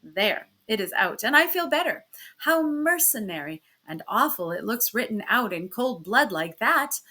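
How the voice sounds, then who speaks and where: Bright, expressive woman reading a story. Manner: expressive, with lively shifts in pitch and loudness. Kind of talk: storybook read-aloud narration.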